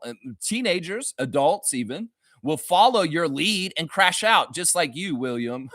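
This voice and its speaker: Brief: male talk host, bright and lively, mocking rant, dry close sound. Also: a little high, no room sound. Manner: animated, mocking, profane. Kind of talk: ranting sports commentary.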